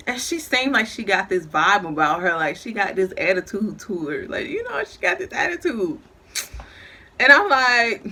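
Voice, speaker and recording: A young woman vlogger telling a casual storytime, animated and laughing through it. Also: fairly high pitch.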